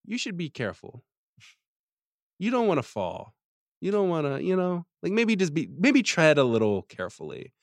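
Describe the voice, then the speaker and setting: A man briefly voicing a guarded woman who quietly warns a colleague to tread carefully, in a soft, hushed half-impression close to his own voice. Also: fairly high pitch, wildly swooping pitch, moderate pace, no echo, pitched above the performer's own voice. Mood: veiled warning.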